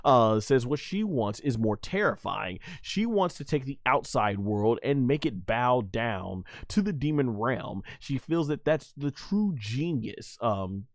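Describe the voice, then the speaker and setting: Man, mid pitch, casual animated episode reviewer, lots of ums and restarts, dry close sound. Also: a little slow, few pauses, no room sound. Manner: animated, laughs often, many fillers and restarts.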